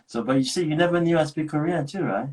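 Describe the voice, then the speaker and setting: A man hosting a casual live chat, telling animated stories and slipping into Korean phrases. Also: on the high side, quick pace, poor audio. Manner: animated storytelling, switches into Korean. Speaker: host.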